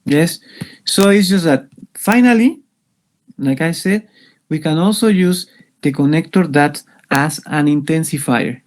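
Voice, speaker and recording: A man walks a class through English grammar in an online lesson. His voice sits a little high and he speaks slowly, pausing on fillers and restarting sentences as he explains. He sounds patient and methodical. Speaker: English teacher.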